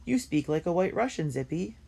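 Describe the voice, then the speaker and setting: A teasing young boy needles his friend in a storybook reading, voiced by a woman reader. The voice is lifted a little higher and has a gravelly edge. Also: very animated, fairly quick, dark tone, exaggerated voice.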